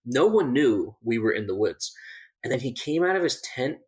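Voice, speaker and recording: Telling a casual story on a podcast, this survival instructor speaks in a sing-song, mid-range male voice at a moderate pace. Fillers and restarts come often, and he laughs at the funny parts.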